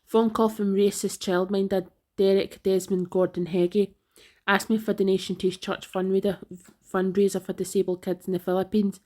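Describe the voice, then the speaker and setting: A woman reading out online comments in a flat, even delivery. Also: medium pitch, normal speed.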